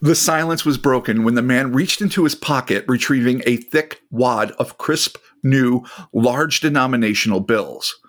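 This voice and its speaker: A man's voice: mid-range voice, moderate pace, hardly any pauses. A man hosting a podcast, mixing casual chat with reading a story aloud and swearing freely. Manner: animated, laughing, swears freely. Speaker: podcast host.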